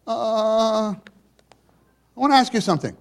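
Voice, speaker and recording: A man voicing an excited older mother who is overjoyed and insistent, speaking high and breathless in eager pleading. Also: a little slow.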